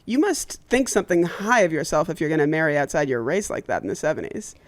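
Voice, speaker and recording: A woman's voice: deep voice, very animated, no room sound. Woman co-host, loose comic banter, voice rising and falling a lot. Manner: joking, quick, bursts of laughter. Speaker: podcast co-host. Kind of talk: casual comedic chat.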